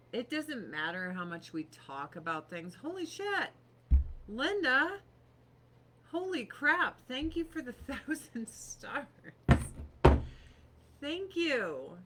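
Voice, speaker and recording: A woman's voice: fairly low pitch, huge pitch swings, slow, noisy background. A woman in her thirties chatting casually on a livestream from her home office desk, profane and sarcastic.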